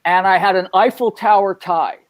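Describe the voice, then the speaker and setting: A man's voice: high-pitched, moderate pace, heavy background noise. A man chatting on a convention panel, joking about himself with humor. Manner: self-deprecating, humorous. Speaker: comic artist panelist.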